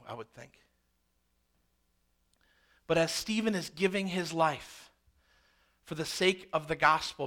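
A man with a high-pitched voice delivers a sermon. He preaches dramatically, sinking to hushed, slow lines and then rising to loud, intense ones.

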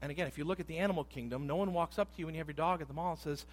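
A pastor in his thirties preaches a sermon in a fairly high voice for a man, speaking very fast. He's conversational and animated, acting out voices in quotes and swinging between hushed asides and loud emphasis.

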